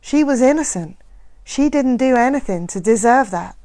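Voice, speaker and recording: A woman's voice: a little high, expressive, normal speed, no echo, pitched above the performer's own voice, natural voice. A woman voicing a desperate grieving father. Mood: troubled. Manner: loud, strained, cries out and begs. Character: anguished middle-aged father, desperate, pleading. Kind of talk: live reading of a novel.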